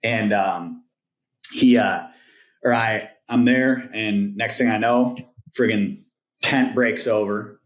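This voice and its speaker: A man with a low voice tells a story on a podcast, relaxed and conversational, leaning on "like" and "right?". The sound is roomy and echoey. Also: takes it slowly. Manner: laid-back, peppers speech with "like" and "right?". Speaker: podcast guest. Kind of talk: casual storytelling. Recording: roomy echo.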